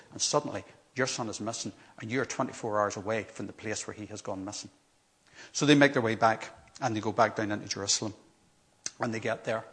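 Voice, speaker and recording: Earnest male preacher. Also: lowish voice. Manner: earnest, animated storytelling with emphatic repetition. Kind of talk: sermon.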